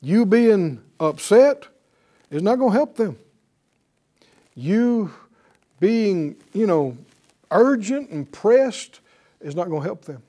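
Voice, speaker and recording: A man's voice: sits high, takes it slowly, pauses often. A man teaching a sermon, asking rhetorical questions and acting out the people in the story. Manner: animated, acts out quoted voices, rhetorical questions. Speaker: preacher.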